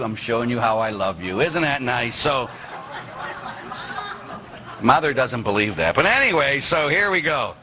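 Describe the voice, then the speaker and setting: A middle-aged man, a Catholic priest, giving a lively, teasing sermon in which he acts out the voices of the people he quotes. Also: mid-range voice, normal speed, pauses often, a little hiss or hum, poor audio.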